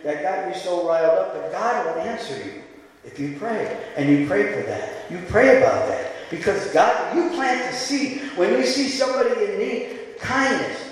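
A man preaching a sermon as pastor in a church, impassioned, swinging from quiet, gentle stretches to shouting. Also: high voice, animated, normal speed. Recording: echoey hall.

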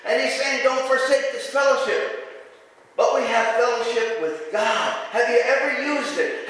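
A man preaching a sermon to his congregation, animated and asking for amens. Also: very high-pitched. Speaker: pastor. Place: church. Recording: echoey hall, mic from far off.

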